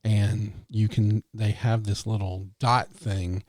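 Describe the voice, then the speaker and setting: A man with a fairly low voice tells a story on a podcast, eager and sprinkling in "you know" as he goes. The sound is close and dry. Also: level tone, slow, a little mellow, no echo. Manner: enthusiastic, tosses in "you know" often. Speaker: podcast co-host. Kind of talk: casual storytelling chat.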